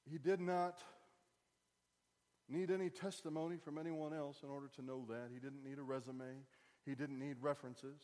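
A man's voice: mid-range voice, steady tone, brisk, hardly any pauses, darkish tone. A man preaching a sermon as pastor, conversational and wry, rising to emphatic bursts. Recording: long hall reverb.

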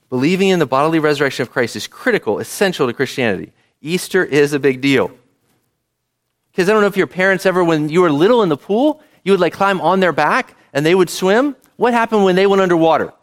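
A male pastor giving a conversational sermon, often asking the congregation questions. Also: sits high.

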